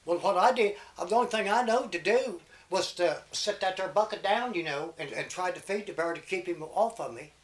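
A man's voice: high-pitched, brisk, hardly any pauses. An older man telling folk tales and tall tales in a rambling, folksy way. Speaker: storyteller.

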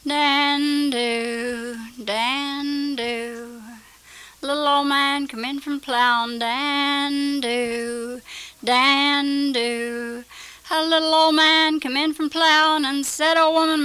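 A woman singing an old folk ballad unaccompanied, telling the story slowly and repeating the refrain lines. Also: high-pitched, sharp tone, no room sound.

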